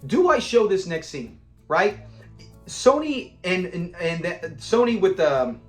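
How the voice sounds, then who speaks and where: A man casually reviewing a classic sitcom episode, animated and laughing often as he acts out scenes. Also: sits high, slow pace, roomy sound, faint music behind. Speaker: show reviewer.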